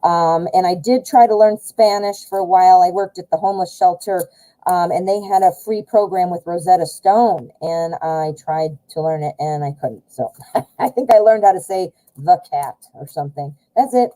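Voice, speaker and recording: A woman's voice: lowish voice, moderate pace, mellow, poor audio. An American woman hosting a casual live tarot stream, chatty with lots of fillers and self-corrections.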